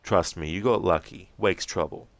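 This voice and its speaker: A man doing a gruff, impatient federal agent. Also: sits low, normal speed, no echo. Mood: curt. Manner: blunt, pushy, swearing. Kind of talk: reading game transcripts aloud with voices.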